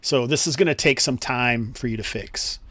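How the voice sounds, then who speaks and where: A man's voice: medium pitch, moderate pace, a bit bright, no echo. Easygoing man running a tabletop game. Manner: easygoing, chuckling, explaining rules. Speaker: game master.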